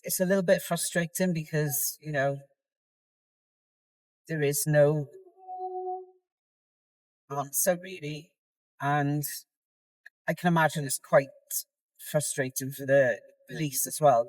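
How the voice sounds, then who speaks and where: A woman's voice: low voice, no room sound, rough recording. Woman, middle-aged, casual vlog chat, rambling and candid, dry close sound. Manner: rambling and candid, soft and tired at times. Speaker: competitor vlogging her contest prep. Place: in a car.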